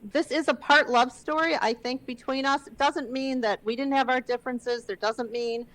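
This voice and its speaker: A woman's voice: high-pitched, steady tone, normal speed, a bit bright, poor audio. Chatty woman hosting a video-call panel. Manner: chatty, many fillers like "you know" and "um". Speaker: film director hosting the panel. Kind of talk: casual panel conversation.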